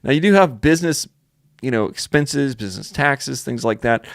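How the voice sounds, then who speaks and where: Chatty man rambling through a webinar pitch. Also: expressive, moderate pace, gravelly, dry recording, clean studio sound. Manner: rambling, filler-heavy, with many restarts and "you know, like". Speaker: piano tuner hosting a sales webinar for his course.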